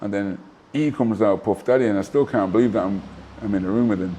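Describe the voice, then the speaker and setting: A man, a former boxer telling animated anecdotes in a casual interview, full of asides and restarts. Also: fairly low pitch, fast, a little hiss or hum. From Manchester, England. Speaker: guest, former professional boxer.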